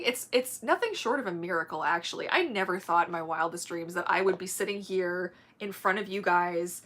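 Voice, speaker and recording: A woman with German as her first language talks casually to her livestream viewers. Her voice is bright and forward, and she gushes, laughs a lot and strings thoughts together with many fillers. She sounds like she is at a home streaming mic. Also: mid-range voice. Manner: chatty, gushing, laughs often, many fillers. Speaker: livestream host.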